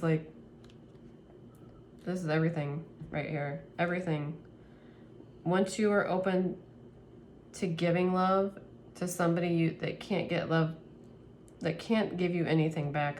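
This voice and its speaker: A woman's voice: deep voice, fairly even intonation, normal speed, pauses often, a little mellow, slight background noise. Emotional woman giving a tarot reading. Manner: earnest, emotional, laughs often; rambling with restarts. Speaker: tarot reader. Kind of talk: spiritual tarot reading to camera.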